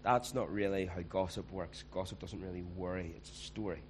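A man's voice: sits low, fairly even intonation, fairly quick, slight background noise, rough recording. A man, preaching a conversational sermon and acting out quoted voices.

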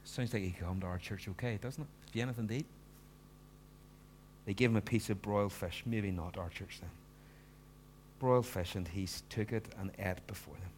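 A man preaching a sermon, acting out the disciples and moving between hushed lines and loud ones. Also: sits low, a little fast, a little hiss or hum. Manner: animated, acts out the disciples' voices, swings from hushed to loud. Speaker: pastor.

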